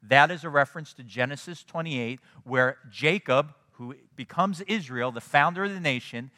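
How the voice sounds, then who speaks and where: Bright-voiced preacher man in a hall. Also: fairly high pitch, normal speed. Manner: conversational, animated, checks in with the congregation. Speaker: pastor. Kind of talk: sermon.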